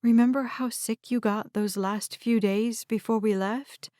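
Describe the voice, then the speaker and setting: A woman voicing an anxious, protective young caretaker who talks gently and soothingly. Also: fairly high pitch, fairly even intonation, a little slow, no echo, clean studio sound, natural voice. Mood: worried.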